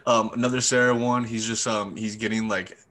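A man's voice: steady tone, brisk, a bit bright. A young man chatting casually about favorite movie quotes, laughing and acting out lines. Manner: laughing, acts out quotes in pitched-up voices. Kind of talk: casual chat.

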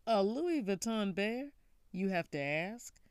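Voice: medium pitch, very animated, slow pace, smooth, no echo, studio quality. A storyteller voicing a proud, status-minded grown sister who talks with sarcastic certainty. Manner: sarcastic, sure of herself.

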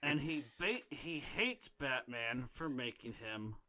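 A man's voice: medium pitch, animated, slow pace, bright, forceful tone. Profane, exasperated ranting man. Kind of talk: casual chat, ranting.

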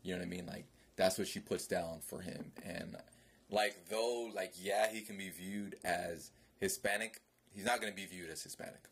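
A man's voice: deep voice, steady tone, normal speed, creaky, a bit bright, breathy edge. A man from Jamaica in casual podcast chat, laid-back and slangy, often asking "you know what I mean".

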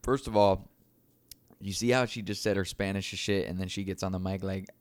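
Low-pitched man for a crude, giggly podcast co-host; smooth, dry close-mic sound. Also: steady tone, brisk, no echo. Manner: laughs often, swears freely, teasing. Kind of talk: crude casual banter.

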